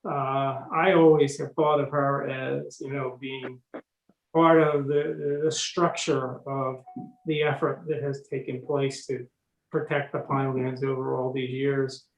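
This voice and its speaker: A man chairing a public meeting, speaking haltingly with many fillers. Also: medium pitch, little pitch movement, vocal fry, roomy sound, poor audio. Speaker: commission chairman.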